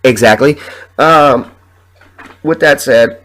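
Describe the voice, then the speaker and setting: A sick podcast host speaks slowly at medium pitch, his slightly bright voice captured in poor audio. Coughing from a sore chest, he rants casually through heated stories full of profanity.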